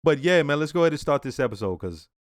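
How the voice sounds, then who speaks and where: A man's voice: on the high side, very animated, very fast, no echo, clean studio sound. A man hosting a reaction video, giving casual commentary with blunt swearing and frequent laughs.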